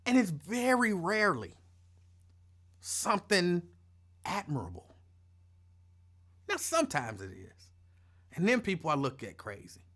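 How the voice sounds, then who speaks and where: A man's voice: sits high, a little slow, pauses often. A man hosting his own live show, chatting casually in a rambling, playful, colloquial way and repeating phrases for emphasis. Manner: animated, rambling,喜 playful storytelling. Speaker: show host. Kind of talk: casual live-stream rant.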